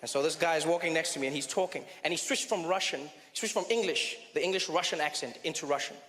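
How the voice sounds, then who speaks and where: A male stand-up comedian performing on a club stage, energetic and often shouting. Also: on the high side, fast talker. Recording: reverberant club with faint ambience.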